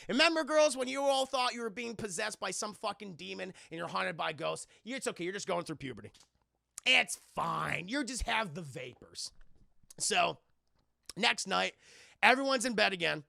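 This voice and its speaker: A man's voice: sits high, big pitch swings, brisk, creaky, sharp tone, no echo, clean studio sound. A man doing a crude, joking recap of a horror film for a stream, acting out scenes and laughing often.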